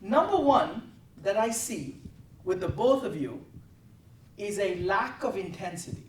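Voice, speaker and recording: A woman's voice: medium pitch, sing-song, unhurried, a little mellow, a little hiss or hum. A woman heading a trading desk, giving a blunt, profane, intense lecture that keeps pressing her listeners for answers. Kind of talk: confrontational mentoring talk. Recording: roomy, from a distance.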